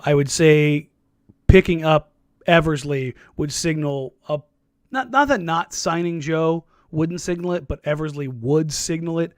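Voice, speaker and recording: Man, podcast co-host, slightly high voice, rambling storyteller, dry close mic. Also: dry recording. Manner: rambling storyteller, quick to laugh. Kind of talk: casual sports podcast chat.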